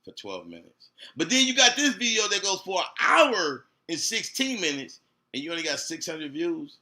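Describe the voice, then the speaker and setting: A man's voice: sits high, sing-song, normal speed, pushed and bright. A man, ranting on a livestream in a profane, confrontational way, repeating himself often. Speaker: streamer. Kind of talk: heated livestream rant.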